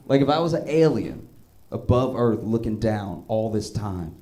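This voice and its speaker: A male stand-up comedian telling stories in a conversational way, breaking into animated, high-pitched rants. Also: normal speed. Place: comedy stage.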